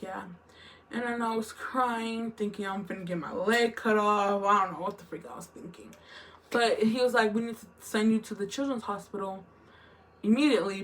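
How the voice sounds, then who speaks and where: A young woman telling a long, emotional story in a rambling vlog style, full of fillers and restarts. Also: mid-range voice. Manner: rambling, emotional retelling with lots of "like" and "literally". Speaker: vlogger.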